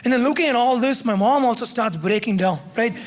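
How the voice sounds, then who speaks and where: High-pitched man, stand-up storyteller; lively delivery, light tag questions. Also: a little fast. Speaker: stand-up comedian. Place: comedy club stage with live audience.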